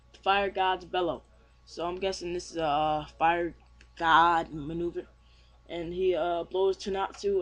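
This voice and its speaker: A young man casually reviewing a manga chapter, rambling with many fillers and restarts. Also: high voice. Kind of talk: casual chat.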